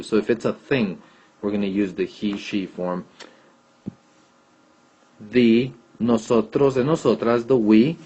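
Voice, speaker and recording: A man with a lowish, slightly mellow, somewhat rough voice explains Spanish grammar in a classroom lesson. He patiently repeats and checks answers aloud, captured on a dull lo-fi recording.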